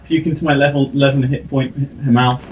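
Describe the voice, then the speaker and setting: A man of mid pitch chats excitedly over his shooter game, laughing and acting out what other players say. Gunfire and battle sounds carry clearly behind him. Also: fairly quick, lo-fi sound, a little hiss or hum. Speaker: gamer host. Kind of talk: casual gameplay chat.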